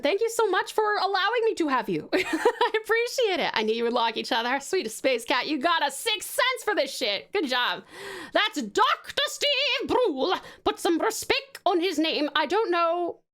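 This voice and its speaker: A woman's voice: extremely high pitch, very animated, moderate pace, a bit bright. A woman from Tasmania with an Australian accent, chatting casually on a live stream. She is bubbly and affectionate, swears freely, laughs often, and rambles while sketching.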